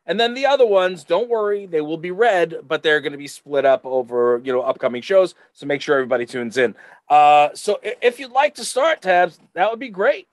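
A man's voice: a little high, lively intonation, a little fast, no room sound. A man hosting a podcast, talking casually with lots of restarts and repeated words. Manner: stammering, repeats himself, chuckling. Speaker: podcast host.

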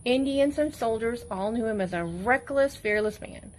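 A woman school media specialist reading a tall tale aloud at a steady pace, with a few stumbles. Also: fairly high pitch, moderate pace, a little hiss or hum, low-quality recording. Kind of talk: storybook read-aloud.

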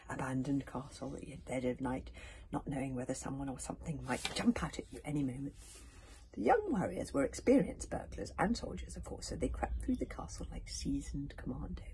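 Animated woman narrating a storybook. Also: deep voice, rough recording. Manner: animated, often drops to a whisper for suspense. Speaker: audiobook narrator. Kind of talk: storybook read-aloud narration.

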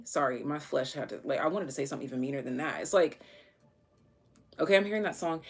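Woman tarot reader, low husky voice, loose and slangy, thinks out loud. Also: animated, quick pace. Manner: chatty, slangy, thinks aloud with many fillers. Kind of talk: casual tarot reading.

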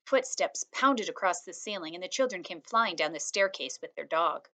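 A woman reading a children's novel aloud chapter by chapter, in a calm, steady storytelling manner. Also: lowish voice, moderate pace. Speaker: reader.

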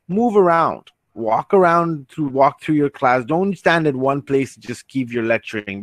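On a video call picked up by a computer mic, a man with a medium-pitched voice runs an online training session, earnest and reassuring. He often restarts sentences and reads chat questions aloud, and the recording is dry.

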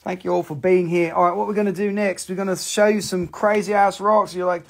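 A man hosts a live stream selling rocks, joking, swearing and talking to himself as he chats through the sales. His voice sits high and creaky, with a level tone and slightly fast pace.

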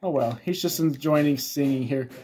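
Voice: mid-range voice, moderate pace, warm tone. A performer playing an exasperated father who keeps scolding his son in a rambling way.

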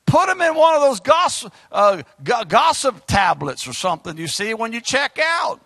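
A man preaching a fiery, exhorting sermon as pastor, swinging between shouts and quiet asides. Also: extremely high pitch, lively intonation, moderate pace, few pauses, no room sound, studio quality.

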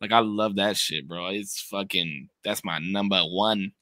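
Man, podcast co-host, excitable, emphatic, bright sharp tone, dry sound. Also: sits low, measured pace, no echo. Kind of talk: casual livestreamed podcast chat.

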